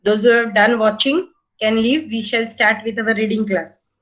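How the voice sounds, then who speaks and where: Patient Indian English teacher, fairly high voice. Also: female voice, moderate pace, a bit bright, rough recording. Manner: patient, repeats instructions, prompts and corrects pupils. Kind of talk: online reading class.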